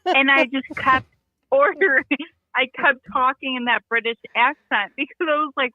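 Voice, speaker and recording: A woman's voice: high-pitched, moderate pace, dry recording, dull audio. A young woman chatting casually, telling a story in a rambling way and laughing often. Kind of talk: casual chat.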